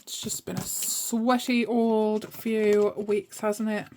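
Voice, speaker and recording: Sorting money at her home desk, a woman vlogger about budgeting talks casually to herself as she does her cash stuffing. She speaks slowly in a flat, mid-range, slightly mellow voice over a bit of background noise.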